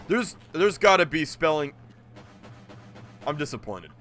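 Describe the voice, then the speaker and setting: A man's voice: a little high, big pitch swings, a little slow, a bit bright, faint music behind. A man streaming a video game, rambling and joking with his chat as he plays. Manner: rambling, jokey, talks to chat. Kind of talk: casual gameplay commentary.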